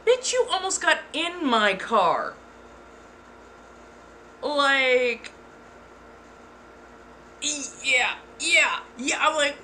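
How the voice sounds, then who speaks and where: A woman hosting her channel, telling a story in casual chat, animated and swearing freely. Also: high voice, drawn-out words, pauses often, a little hiss or hum. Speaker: ASMR channel host.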